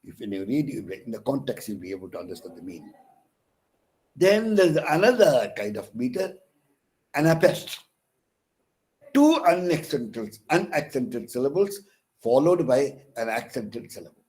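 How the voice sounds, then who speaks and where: A man's voice: medium pitch, sing-song, normal speed, a little mellow, low-quality recording. A man with an Indian English accent, a counsellor lecturing on poetic meter, repeating phrases and scanning verse aloud with restarts. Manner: restarts mid-word, fillers like uh and okay. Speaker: counsellor for distance learners.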